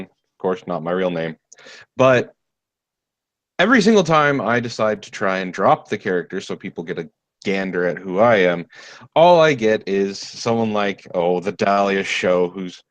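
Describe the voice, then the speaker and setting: A man's voice: fairly low pitch, no room sound. A man who is a guest on a casual stream chat, talking bluntly and sarcastically and swearing freely.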